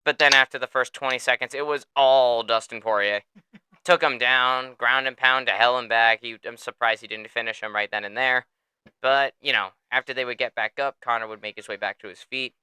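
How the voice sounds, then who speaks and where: A man hosting a casual sports podcast, telling stories in an animated way, swearing freely and laughing often. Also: medium pitch, normal speed, slight background noise. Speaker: podcast host.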